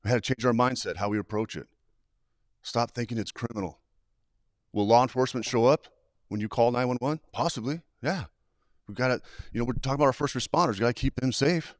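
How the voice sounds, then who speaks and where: A man's voice: medium pitch, no echo, studio quality. A man who trains people in suicide prevention, talking as a guest on a live show and telling stories animatedly, acting out the dialogue. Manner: animated, acts out quoted dialogue.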